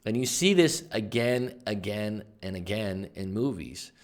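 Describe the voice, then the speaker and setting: A man with a fairly low voice gives casual, emphatic commentary as a life coach. He talks conversationally, now and then jumping into loud bursts to drive a point home. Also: animated, measured pace. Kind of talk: casual explanatory book commentary.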